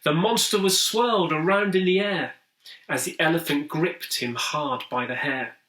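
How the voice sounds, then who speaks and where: A man's voice: on the high side, moderate pace, bright, forceful tone. A man reading a rhyming children's story in a sing-song, rhythmic way. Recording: roomy echo, distant mic.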